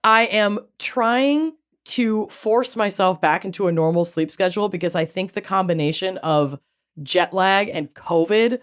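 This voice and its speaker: A woman's voice: medium pitch, unhurried, clear, resonant tone. A woman co-hosting a podcast, chatting casually with loose, profane, jokey banter. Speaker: podcast co-host. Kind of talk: casual chat.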